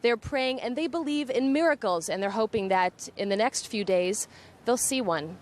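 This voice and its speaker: A woman reporting live on location, gently interviewing family members of missing people. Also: on the high side, expressive, moderate pace, slight background noise. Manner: gentle, sympathetic questioning. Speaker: field reporter.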